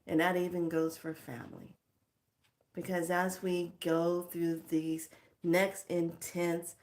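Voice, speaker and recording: A woman's voice: on the low side, a bit bright. A middle-aged woman giving a casual spiritual pep talk as a teacher, speaking frankly and expressively and laughing often.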